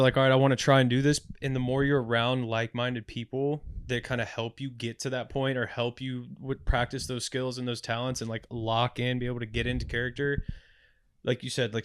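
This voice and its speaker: A man's voice: medium pitch, smooth, no echo. A man co-hosting a podcast, asking long, supportive questions in casual conversation. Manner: supportive interviewer, wordy questions. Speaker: podcast co-host.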